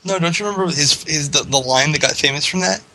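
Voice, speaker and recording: Man co-host, sharp bright tone, chimes in with quick banter; faint hiss behind. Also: a little high, poor audio. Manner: short chiming-in remarks, joking banter. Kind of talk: casual chat.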